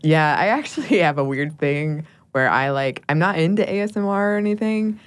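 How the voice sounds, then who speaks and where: A woman's voice: sits low, animated, moderate pace. A woman co-hosting a podcast, chatting casually in a studio and laughing often. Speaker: podcast co-host. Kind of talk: casual chat. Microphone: studio mic.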